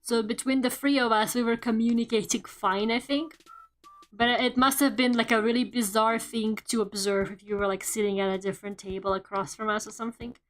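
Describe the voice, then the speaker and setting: A woman's voice: fairly high pitch, fairly even intonation, fairly quick. A woman streamer chatting casually while she draws, rambling, swearing and laughing, with "like" in nearly every sentence. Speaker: VTuber streamer.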